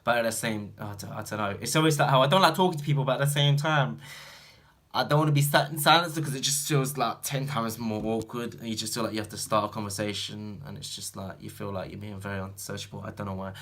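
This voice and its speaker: A young British man chatting to camera as a vlogger, rambling and full of fillers, swinging from loud animated bursts to mumbled asides. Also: fairly low pitch, fast talker. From Britain. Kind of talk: casual chat to camera.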